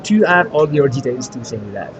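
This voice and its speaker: A man's voice: mid-range voice, expressive, a little fast, low-quality recording. A man with a French accent co-hosting a live event stream, chatty and teasing while running a giveaway. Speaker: livestream co-host. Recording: crowd noise behind.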